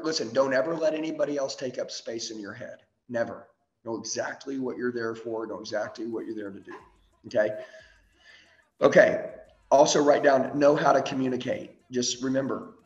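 A man's voice: medium pitch, echoey room, highs cut off. Intense motivational speaking coach, man. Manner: intense, punchy, swings between yelling and slow quiet emphasis; repeats short commands, swears freely. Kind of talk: motivational training talk.

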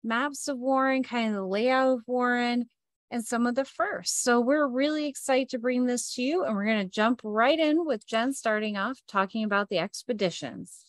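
A woman's voice: a little high, moderate pace, no room sound. Upbeat woman hosting a library session. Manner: upbeat, welcoming host. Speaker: teen services librarian and host.

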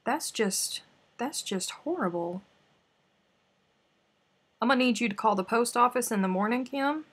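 A woman with a twang chats casually with her livestream viewers, playful and talkative as she answers comments between snacks. Her voice has a husky, slightly breathy texture. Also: on the high side, expressive, a little slow, long pauses. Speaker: crochet livestream host.

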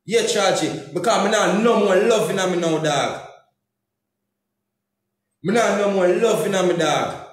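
In a very echoey room, a Jamaican comedian and YouTuber vents in an angry social media rant, cursing and circling back to the same Patois phrases. His voice sits high for a man, and he speaks unhurriedly with many pauses.

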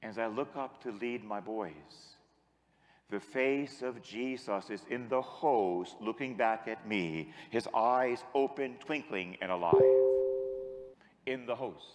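A man's voice: on the low side, slow pace, long reverb tail. A man, a priest, preaching a sermon and telling a story, then leading the congregation in call-and-response. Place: large church with long echo.

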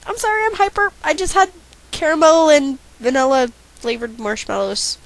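A woman's voice: sits high, moderate pace. A teenage girl chatting through a let's play of a horror game, chatty and self-deprecating, reading out the on-screen dialogue. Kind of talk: casual game commentary with read-out dialogue.

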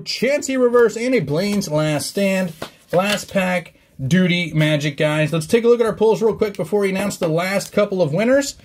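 A man hosting a trading card opening vlog, chatty and excited, rattling off card names. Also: high voice. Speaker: card-opening channel host.

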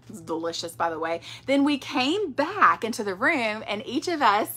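A woman's voice: a little high, sing-song, moderate pace, pushed and bright, husky. A woman, chatting casually in a product vlog, rambling with fillers. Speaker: direct sales director.

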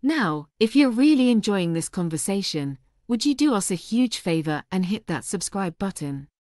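A woman's voice: mid-range voice, very animated, moderate pace, a little mellow, dry recording, studio quality. A woman hosting an English lesson, asking a guest polite, encouraging questions. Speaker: host.

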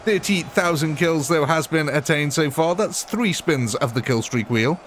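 A British livestream host with a fairly high, fairly bright voice and lively intonation talks at a moderate pace over a little hiss or hum. He commentates on the battle in his gaming stream with a jokey, chatty manner, replying to his viewers' chat.

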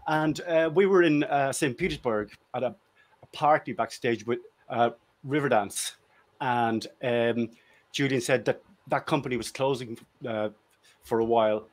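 A man's voice: medium pitch, unhurried. A man, a guest in a casual chat, telling jovial, self-deprecating anecdotes. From Ireland.

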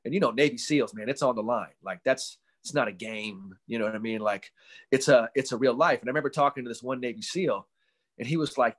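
A mental performance coach appears as a guest on a casual video-call podcast, speaking fast in a mid-range voice. He tells animated stories, swears casually, and imitates the people he quotes.

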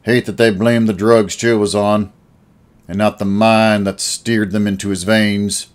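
A man voicing a gruff old junkyard caretaker who talks bluntly and sneers. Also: lowish voice, level tone, measured pace, close to an everyday voice.

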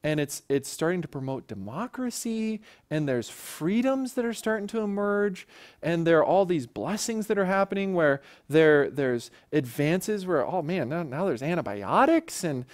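A man with a somewhat high voice leads a church Bible lesson. He talks in a relaxed, conversational way and keeps checking in with his listeners as he explains. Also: moderate pace. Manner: conversational, often checks in with "right?". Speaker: church teacher.

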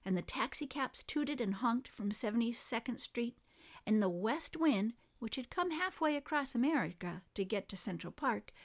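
A woman reads a children's chapter book aloud, her voice a little higher than most women's. She tells the story with lively expression, leaning into the big moments.

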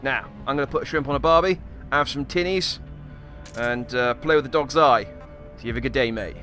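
A man's voice: medium pitch, moderate pace, pushed and bright, soft background music, lightly acted. A man putting on a hammy Australian accent to play a brash outback survival-guide bloke, full of slang, during gaming commentary. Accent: put-on Australian. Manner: hammy, slang-heavy, exclaiming "crikey".

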